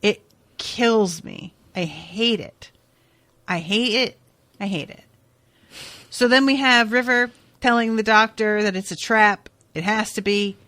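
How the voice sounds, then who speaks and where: A woman podcast host casually recapping a TV episode, chatty and expressive, swearing now and then. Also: medium pitch, a little slow, no echo.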